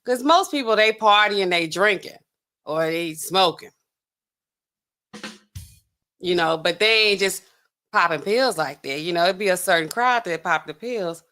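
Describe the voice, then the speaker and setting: A woman's voice: lowish voice, expressive, measured pace, pauses often, bright, forceful tone. Chatty woman pharmacist commenting. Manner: chatty, talks straight to viewers. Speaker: pharmacist host reacting to news. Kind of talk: casual commentary over a news clip.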